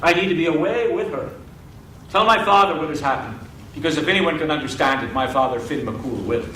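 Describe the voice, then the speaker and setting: An impulsive young warrior, earnest and stammering, as a man acts him out. The voice sits slightly high and is picked up from a distance in a roomy hall. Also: fairly quick, a bit bright, a little hiss or hum, lightly acted. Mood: resolute. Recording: roomy, distant live mic.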